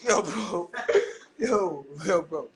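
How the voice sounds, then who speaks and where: Young-sounding man with a very high voice, loose and rowdy, casual livestream talk. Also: lively intonation, very slow, gravelly, a loud crowd. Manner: rowdy, laughing, swearing banter.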